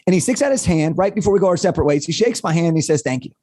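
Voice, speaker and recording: A young man, a guest on an interview podcast, telling a personal story in an energetic, animated way. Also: sits high, racing, dry recording, clean studio sound.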